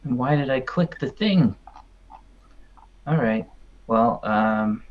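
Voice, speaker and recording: A man's voice: mid-range voice, expressive, takes it slowly, muffled recording. A man playing a tabletop game, chatty and thinking aloud as he moves. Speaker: player.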